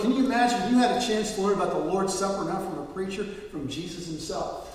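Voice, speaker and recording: A man preaches a sermon to his congregation, his fairly high voice swinging between soft asides and forceful, emphatic lines. He sounds distant from the microphone, and a long reverb hangs on every word in the big hall. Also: lively intonation, brisk. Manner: earnest preaching, shifting from quiet asides to emphatic quotes. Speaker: pastor. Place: church sanctuary. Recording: echoey hall, voice from far off.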